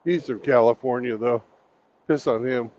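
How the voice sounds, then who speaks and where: A man's voice: mid-range voice, moderate pace, darkish tone, highs cut off. A man in casual chat, joking bluntly and swearing freely.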